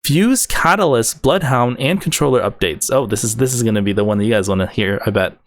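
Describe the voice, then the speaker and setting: Man, casual gaming update host, excited, rambling, medium pitch, dry close sound. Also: a little fast, no room sound. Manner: enthusiastic, rambling with many fillers and restarts. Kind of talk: casual game update breakdown.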